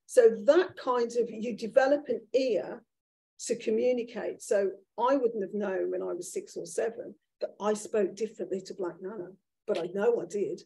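A woman in her sixties with a Birmingham accent, a guest author telling candid, animated stories in an onstage conversation before an audience. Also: medium pitch, normal speed, vocal fry, husky. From Birmingham, England. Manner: animated, candid storytelling with restarts. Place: event room with an audience.

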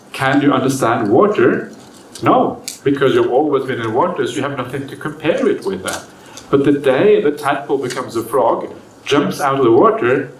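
A man, a monk, giving a relaxed, chatty Dharma talk at a retreat, peppered with "yeah?" and "uh" and acting out the characters in his stories. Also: mid-range voice. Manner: acts out the characters in stories with lively voice changes. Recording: roomy, distant mic, faint room noise.

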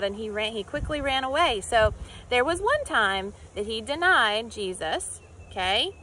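A woman's voice: fairly high pitch, very animated, a little slow, bright, forceful tone, slight background noise. A woman teaching children in church, telling a Bible story with acted-out voices and questions to the kids.

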